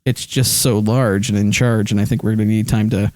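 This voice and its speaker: A little fast, with a fairly low, darkish voice and fairly even intonation, a man streams live close to his desk mic with no room sound. He casually rambles about his movie collection, using many fillers and restarts and reading the chat aloud.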